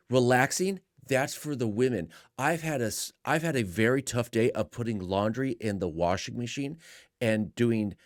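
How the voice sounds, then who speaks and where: A man's voice: medium pitch, no echo, clean studio sound. A man hosting reaction commentary, speaking in a sarcastic, mocking way. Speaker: commentary host.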